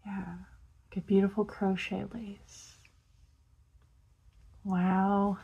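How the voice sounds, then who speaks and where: A young woman talks very slowly through an unboxing vlog, lingering over each word. She giggles often and slips into soft gasps and whispers when something delights her. Paper crinkles around her as she opens the package. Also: medium pitch, flat delivery, gravelly, husky, highs cut off. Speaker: vlogger.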